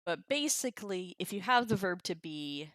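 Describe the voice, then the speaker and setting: A woman's voice: on the low side, animated, moderate pace, fairly bright tone, no echo, studio quality. A woman teaching a language lesson on a live stream, chatty, laughing often and reacting to viewers' comments.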